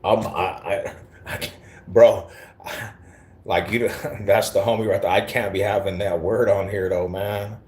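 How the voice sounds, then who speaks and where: Deep-voiced east denver dude on a live stream, chill and cussing a lot. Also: male voice, flat delivery, unhurried, darkish tone. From Denver, Colorado. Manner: slangy, profane, laid-back banter. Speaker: livestreamer reading chat. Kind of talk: casual live-stream chat.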